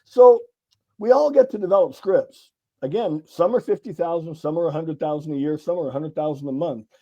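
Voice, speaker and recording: A middle-aged man from California chats as an interview guest, animated and a little profane as he acts out the people in his anecdotes. His voice sits a touch high yet sounds mellow and relaxed. The recording is somewhat dull and lo-fi. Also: brisk. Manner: animated storyteller acting out dialogue, casual swearing. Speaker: guest sales author. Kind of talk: conversational interview storytelling.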